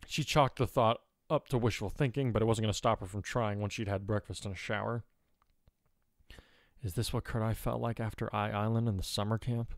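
A man reading fan fiction aloud in a steady, measured narration. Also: lowish voice, dry recording, clean studio sound. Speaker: audiobook narrator.

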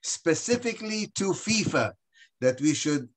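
A man moderating a webinar over a video call, speaking in a measured way with frequent hesitations. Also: on the high side, sing-song, a little hiss or hum. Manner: hesitant, many uhs. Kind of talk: measured commentary.

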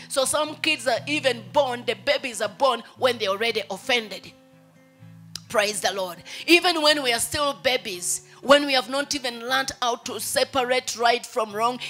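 A woman pastor with a Ugandan English accent delivers a sermon in a bright, sharp voice. She sits high in her register and voices a baby's pleas now and then. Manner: preaching, acts out a baby's pleas in quoted lines.

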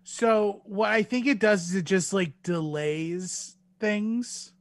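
A man co-hosting a casual podcast, unhurried, working through his ideas as he goes. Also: sits high, no room sound. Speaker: podcast co-host.

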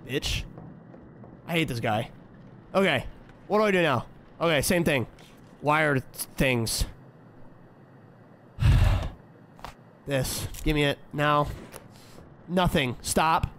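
A young man playing a horror game on stream. He trash-talks the on-screen figures in a fairly high voice and breaks into frantic yelling when startled. A faint hum of ambience sits behind him. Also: slow, long pauses. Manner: profane, trash-talking, jumps to frantic yelling when scared. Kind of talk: horror game let's-play commentary.

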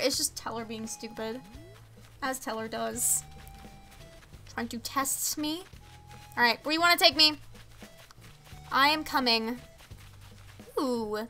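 A woman's voice: sits high, pushed and bright. A young woman streaming a game, chatting casually with viewers, reading chat aloud and making exasperated asides. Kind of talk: casual live-stream chat while gaming.

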